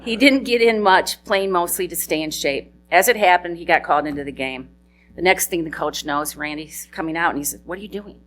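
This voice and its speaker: Low-voiced middle-aged woman telling fond stories. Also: a little fast, slight background noise. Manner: warm storytelling, laughing through tears. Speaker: widow giving a eulogy. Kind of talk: memorial eulogy with anecdotes. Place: memorial service hall.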